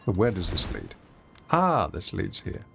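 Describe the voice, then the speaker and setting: A man's voice: low voice, sing-song, measured pace, gravelly, background noise. A man with an English accent giving wry, theatrical commentary while streaming a game. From England. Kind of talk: casual gameplay commentary.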